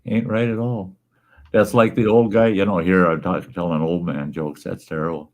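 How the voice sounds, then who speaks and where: A man's voice: sits low, steady tone, normal speed, darkish tone. A man hosting a casual livestream, telling jokes in a rambling, chuckling way. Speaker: host.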